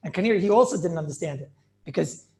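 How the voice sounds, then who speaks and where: A rabbi teaches his class in an animated, chatty way, firing off questions and laughing often. He stumbles over repeated words as he restarts his thoughts. His voice sits high and his intonation swings widely. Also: quick pace. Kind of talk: lively Talmud class lecture.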